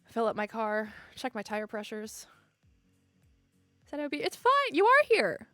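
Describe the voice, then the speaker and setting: A woman's voice: fairly high pitch, wildly swooping pitch, unhurried, pushed and bright, no echo. A young woman streamer in a casual goodbye chat with her viewers, emotional and laughing often. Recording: dry close mic, faint music behind.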